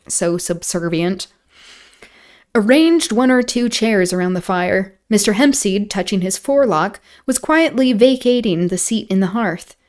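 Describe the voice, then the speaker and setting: A woman's voice: mid-range voice, a little mellow. A woman streamer reading a novel aloud, breaking off into wry, mocking asides.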